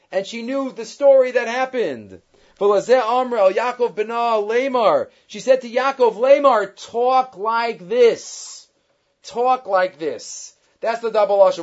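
A man's voice: high-pitched, darkish tone, lo-fi sound. A man teaching a Torah class on the weekly portion, reading Hebrew texts and explaining them in English.

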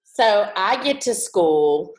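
A woman's voice: mid-range voice, takes it slowly, poor audio. A woman telling frank, profane childhood stories in a casual podcast chat. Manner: frank, profane, animated storyteller. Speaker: guest artist.

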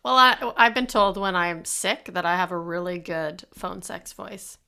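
A woman co-hosting a podcast in casual chat, lively and quick to laugh, telling personal stories. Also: on the low side, vocal fry, smooth. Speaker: podcast co-host.

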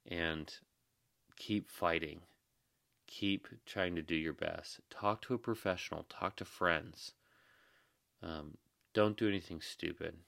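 A man's voice: sits low, vocal fry, a bit bright, dry recording, studio quality. A tired young man, a new dad and emergency manager, hosting a podcast in an earnest, reassuring, rambling way. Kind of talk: casual podcast monologue.

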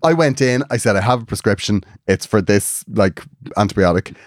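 An Irish man co-hosting a podcast, telling a story in an animated, ranting way during casual chat. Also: fairly low pitch, moderate pace, no echo, studio quality. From Ireland. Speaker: podcast co-host.

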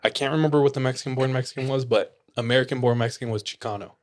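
A man's voice: mid-range voice, fairly even intonation, very fast. A man hosting a podcast, telling a story in a casual, rambling way and laughing often. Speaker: podcast host. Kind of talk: casual chat.

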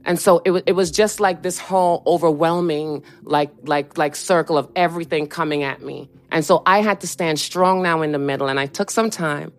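A woman being interviewed, telling a personal story in an animated way and acting out what other people said to her. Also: low-pitched, moderate pace, few pauses. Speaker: interview guest.

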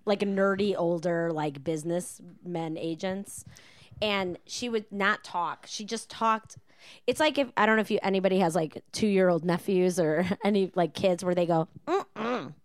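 A woman guest on a podcast telling restaurant stories in a lively, laughing way and mimicking customers' voices. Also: fairly low pitch, moderate pace, no room sound. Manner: animated storyteller, mimics customers, laughs often. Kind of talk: casual chat.

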